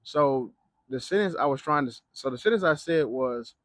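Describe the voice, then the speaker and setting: A man's voice: mid-range voice, animated, normal speed, a bit bright, no room sound. A young man giving casual advice on learning Spanish, loose and slangy, with plenty of fillers and swearing. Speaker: Spanish teacher and vlogger. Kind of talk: casual talking-to-camera advice. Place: living in Mexico.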